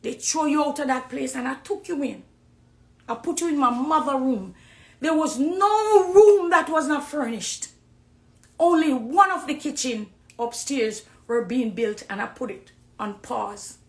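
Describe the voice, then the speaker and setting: A middle-aged Jamaican woman giving an impassioned personal testimony on a live stream, preachy, swinging between hushed confiding and loud accusing. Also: high-pitched, a little slow, echoey room. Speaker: dancehall artist on a live stream.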